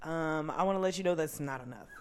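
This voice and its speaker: Young woman telling stories, animated. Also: sits low, quick pace, clear, resonant tone. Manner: animated, quotes people while telling stories. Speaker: podcast co-host. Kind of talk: casual chat, storytelling.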